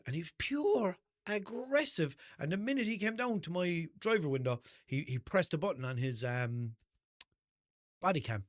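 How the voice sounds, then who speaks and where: A man's voice: on the high side, no echo, studio quality. A young man with a Limerick Irish accent, hosting a podcast and telling casual stories, swearing freely and acting out the back-and-forth. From Ireland. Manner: animated, swears freely, acts out quoted exchanges. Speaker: podcast host. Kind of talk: casual storytelling monologue.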